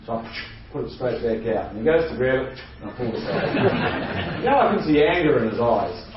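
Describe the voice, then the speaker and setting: A man tells a funny anecdote with a lively delivery, slipping into other people's voices and chuckling along the way. He sounds set back from the mic in a very echoey space, and the sound is a little dull. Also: medium pitch, moderate pace, far from the mic, crowd noise, background noise. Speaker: guest storyteller. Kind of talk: comedic anecdote.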